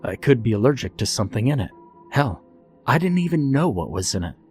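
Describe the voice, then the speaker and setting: A man reading a first-person horror story in a calm, steady scripted narration. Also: medium pitch, brisk, soft background music.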